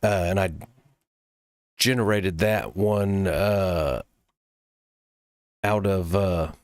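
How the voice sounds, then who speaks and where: Deep voiced guy rambling thru a late night demo, uh's everywhere, bone dry sound. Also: dry recording. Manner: rambling and loose, casual cursing, many "uh" pauses. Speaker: developer demoing his own app. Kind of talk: casual late-night screen-recording talk.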